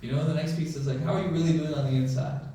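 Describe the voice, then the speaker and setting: Racing through his talk, a physician speaks informally to those gathered in a large mosque prayer hall, often asking "right?" and adding "you know." His voice sits on the high side, steady and mellow. It comes from far off amid hall echo and slight background noise.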